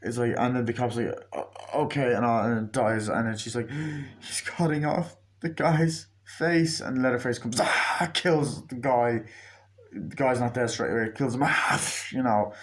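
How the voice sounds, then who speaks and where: Man, casual reviewer; rambling, profane, mid-pitched, jumps into quick character impressions. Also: fairly even intonation. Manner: rambling, profane, acts out scenes in quick mimicked voices. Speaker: movie reviewer. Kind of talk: casual spoken movie review.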